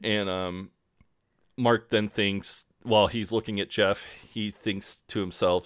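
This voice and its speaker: A man with a low voice co-hosts a podcast, relaxed and casual as he recaps a TV episode. He quotes the characters freely and swears now and then. His voice is recorded dry and close, with no room sound around it. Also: takes it slowly, clear, resonant tone, dry recording. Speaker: podcast co-host.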